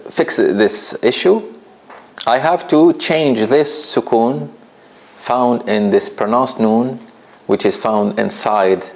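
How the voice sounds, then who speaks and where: A man with a low, gravelly voice leads a classroom lesson on recitation. He explains step by step in a conversational tone, quizzing his students and asking "right?" as he goes. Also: darkish tone. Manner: conversational, often checks understanding with "right?"; questions students directly. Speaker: Quran recitation teacher.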